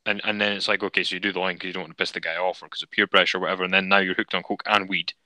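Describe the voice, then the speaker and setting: A man's voice: low-pitched, level tone, racing, background noise. A man in a casual podcast chat, opinionated and sweary as he rants.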